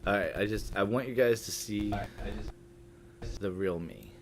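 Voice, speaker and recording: A man's voice: on the low side, measured pace. A man chatting loosely between songs as a live singer-guitarist, rambling and swearing when he gets worked up. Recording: loud guitar under the voice. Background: loud acoustic guitar playing.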